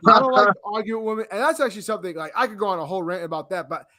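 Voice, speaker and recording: A man's voice: high-pitched, racing, a loud crowd. A man co-hosting a podcast, earnestly explaining himself at length in casual chat. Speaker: podcast co-host.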